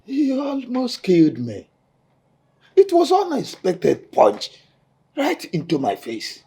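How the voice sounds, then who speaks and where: A man's voice: very high voice, huge pitch swings, slow, warm tone, full character voice. A man with a Nigerian accent playing an aggrieved titled elder who dramatically recounts being beaten. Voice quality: gravelly, raspy. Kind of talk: Nollywood film acting.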